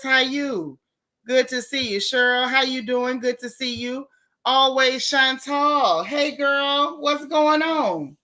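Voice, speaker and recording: A woman hosting a casual livestream, greeting viewers one by one in relaxed, slangy chat. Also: fairly high pitch. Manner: warm, chatty, Southern American slang, greets viewers one by one. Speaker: livestream host.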